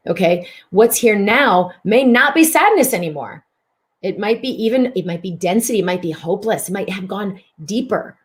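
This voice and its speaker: A woman's voice: mid-range voice, expressive, normal speed. A woman hosting a mind-body self-help broadcast. She talks expressively, repeats words for emphasis and slips into voicing inner thoughts. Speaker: host and physician.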